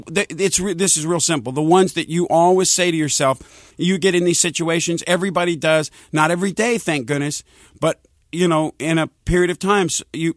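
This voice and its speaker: Chatty male singer, slightly high voice, dry sound. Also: no echo. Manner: rambling, acts out quoted voices. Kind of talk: casual interview storytelling.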